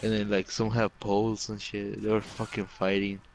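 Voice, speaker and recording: A man's voice: fairly low pitch, completely flat delivery, normal speed, vocal fry, a little mellow, slight background noise, poor audio. A young man telling rambling childhood stories to friends in casual chat, full of swearing and fillers. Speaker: storyteller among friends.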